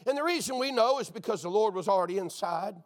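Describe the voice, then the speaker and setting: A man preaching a fervent sermon, breaking into shouts and calling out to his listeners as dear friend. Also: sits high, expressive, quick pace.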